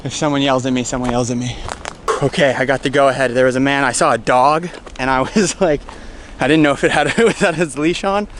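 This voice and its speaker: A young man from the United States talks to his camera in a loose, rambling way, poking fun at himself as he goes. He is winded from climbing in the heat, and his middle-pitched voice comes through an outdoor camera mic with a faint hiss of open air behind it. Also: fairly quick, a bit bright. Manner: chatty, rambling and self-mocking. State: out of breath. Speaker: travel vlogger. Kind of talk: casual travel vlog. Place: outdoors on a hot hillside in a coastal town.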